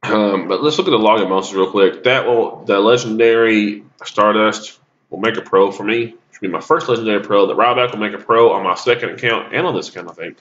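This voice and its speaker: A man's voice: lowish voice, a little fast, fairly bright tone, highs cut off. A man giving rambling, casual commentary on a mobile game, coughing and sneezing with a cold. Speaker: gaming YouTuber.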